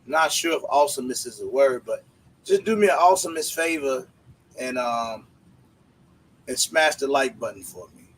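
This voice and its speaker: On a casual livestream, a male host greets viewers by name in laid-back slang. His mid-range voice is expressive, fairly bright and slightly rough, at a moderate pace, in a low-quality recording.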